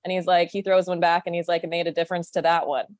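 A woman hosting a podcast, relaxed as she retells a short parable in casual chat. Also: fairly low pitch, fast talker, no echo. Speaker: podcast host.

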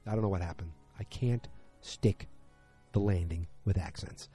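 Dark-voiced man from middle America rambling. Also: deep voice, moderate pace, slightly rough, faint music behind. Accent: American Midwest. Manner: rambling, filler-heavy, acts out characters' lines. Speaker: show recapper. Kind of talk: casual recap chat.

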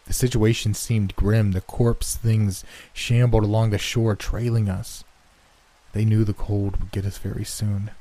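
Horror storyteller: man, very low and mellow voice, measured, somber scripted narration. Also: little pitch movement, low-quality recording.

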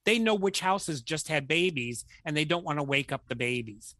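A man talks over a bright, clear voice and tells his stories in a lively way. He acts out the people he quotes, and his voice swings up and down as he does it. The recording is dry and close, with no room sound. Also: fairly high pitch, moderate pace, dry recording. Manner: animated storyteller who acts out quoted voices. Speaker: guest counselor. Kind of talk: conversational storytelling.

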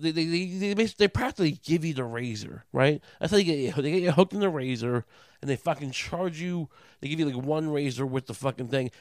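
A man's voice: on the high side, no room sound. A man on a profane comedic rant, full of stammered restarts and mocking voices he puts on for others.

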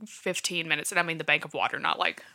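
A woman's voice: low voice, fairly even intonation, fast, gravelly, pushed and bright. A woman casually retelling a true-crime case from her notes, with many fillers like "um" and "like". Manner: chatty, filler-heavy, checks her notes. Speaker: podcast co-host.

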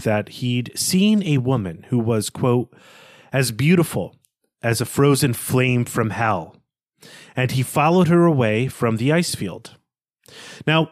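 A man's voice: mid-range voice, no echo, clean studio sound. A man co-hosting a podcast, who retells a story in a loose, chatty way with lots of fillers and restarts. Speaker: podcast co-host. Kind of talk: casual story recap.

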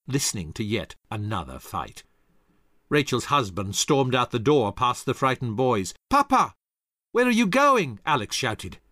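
Man narrating history, really animated and dramatic, dead dry close mic. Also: mid-range voice, dry recording. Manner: dramatic, expressive storytelling.

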